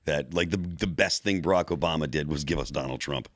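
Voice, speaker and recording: A man on a casual political panel, jumping in with lively, laughing remarks. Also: extremely low pitch, fairly quick, no echo.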